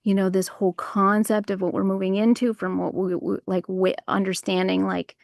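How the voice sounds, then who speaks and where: Woman rambling on a livestream outside, gravelly voice, dry close sound, tons of likes and you-knows. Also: medium pitch, normal speed, no echo. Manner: rambling, animated, full of fillers. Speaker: livestream host. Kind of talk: rambling casual chat to viewers. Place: outdoors.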